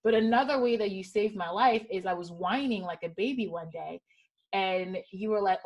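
A woman's voice: medium pitch, normal speed, a little mellow, slight background noise. A woman hosting a podcast panel, talking in an earnest, emphatic storytelling way. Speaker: podcast host. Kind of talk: heartfelt panel conversation.

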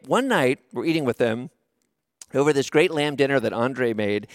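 A man delivers a sermon with a lively, swinging delivery, rising and falling across a somewhat high voice. He tells stories and poses questions to the congregation with gentle humor. The sound is dry and close. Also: no echo. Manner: storytelling with rhetorical questions and humor. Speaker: pastor.

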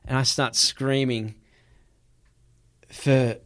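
A man telling a personal story in casual chat, animated, laughing and swearing freely. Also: medium pitch, very slow.

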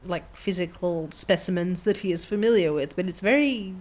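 A woman with a fairly low voice chats casually as co-host. She muses aloud and hesitates, trying to find her words as she talks. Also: moderate pace, a little mellow. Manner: hesitant, musing, full of fillers. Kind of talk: casual chat.

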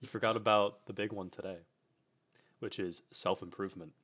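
A young man with a very low voice co-hosts a casual live podcast. He talks loosely, rambling with fillers and trailing thoughts. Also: fairly even intonation, fairly quick, a bit bright, breathy edge. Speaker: podcast co-host.

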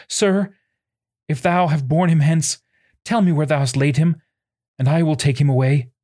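A man's voice: on the high side, normal speed, mellow, voice pushed up, lightly acted. A male narrator voicing a grieving woman who pleads in a lifted tone within a read quotation. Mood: pleading. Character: grieving woman pleading for her lost master.

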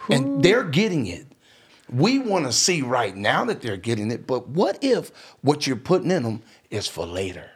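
A middle-aged man earnestly telling a family story in a casual chat, animated as he goes. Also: mid-range voice, moderate pace.

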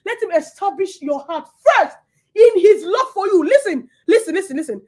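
A woman's voice: very high voice, animated, moderate pace, darkish tone. A woman preaching a sermon with passion, who repeats her words and swings between laughter and near tears.

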